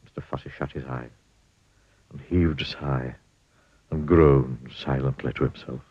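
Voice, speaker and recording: A man reading a children's storybook aloud in an expressive, playful way. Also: a bass voice, unhurried, husky, dry recording, dull audio. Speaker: storybook reader.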